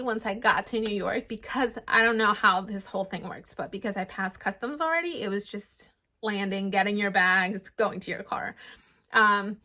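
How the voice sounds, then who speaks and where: A young woman who grew up in the United States tells a personal story in a vlog, acting out what she thought at each moment. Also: on the high side. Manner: animated retelling, acting out her own thoughts. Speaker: vlogger.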